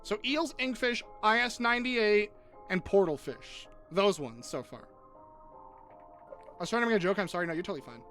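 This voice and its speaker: A young man talks casually on his live gaming stream, swearing freely and joking with his co-host. His voice sits high and swings widely in pitch. Soft game music plays underneath. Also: moderate pace. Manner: animated, swearing, jokey, easily teary.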